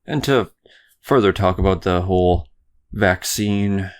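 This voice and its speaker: A man's voice: sits low, unhurried. A young man from Canada hosting a solo podcast, rambling through political commentary, swearing and stumbling over his words. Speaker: podcast host.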